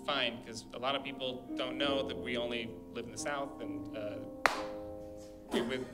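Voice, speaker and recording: A man's voice: medium pitch, fairly even intonation, normal speed, loud music behind the voice. Rambling man improvising stand-up. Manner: rambling, trails off with fillers. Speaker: improv comedy performer. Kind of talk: improvised stand-up jokes on stage. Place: comedy theater stage.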